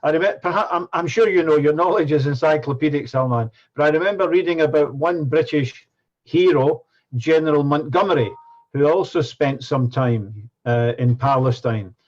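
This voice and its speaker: A man's voice: a little high, moderate pace, a little mellow. A man hosting an interview, asking earnest, probing questions. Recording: dull lo-fi recording.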